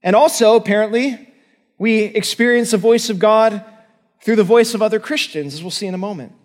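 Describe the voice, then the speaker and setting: A man's voice: sits high, fairly quick. A male pastor preaching a sermon in an earnest, emphatic way, often asking his listeners questions. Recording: long hall reverb.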